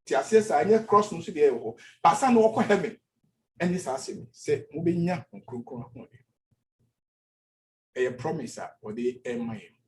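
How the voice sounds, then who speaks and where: A man's voice: a little high, animated, normal speed, slight background noise. A male pastor with a Ghanaian accent preaching a sermon in church, switching between languages and repeating phrases for emphasis.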